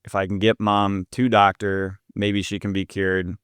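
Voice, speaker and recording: Man, podcast co-host, low smooth voice, dry close sound, relaxed recap with fillers. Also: measured pace, dry recording. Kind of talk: casual film review chat.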